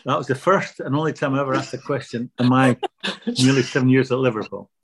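An older man being interviewed, telling anecdotes in a relaxed, self-deprecating way. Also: mid-range voice, fast, husky. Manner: anecdotal, self-deprecating, repeats words when starting. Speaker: guest.

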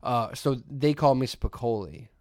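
A man's voice: mid-range voice, normal speed, darkish tone, a little hiss or hum. A middle-aged man co-hosting a podcast, chatting casually and recalling his youth with easy chuckles. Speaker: podcast co-host. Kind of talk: casual chat.

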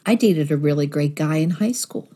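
A woman with a low, husky voice tells a personal faith testimony. She speaks earnestly and acts out the thoughts she quotes in her story. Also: expressive, moderate pace, warm tone. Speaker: guest sharing testimony.

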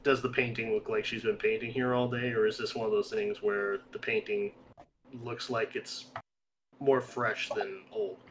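A man playing a tabletop game, talking in a halting, filler-heavy way. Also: fairly low pitch, little pitch movement, slight background noise, low-quality recording. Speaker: player.

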